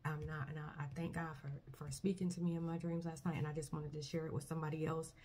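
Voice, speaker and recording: A woman with a low, dark, husky voice speaks to camera in a personal faith testimony. She talks in an earnest, soft-spoken way, often pausing and restarting her sentences. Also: flat delivery. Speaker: vlogger.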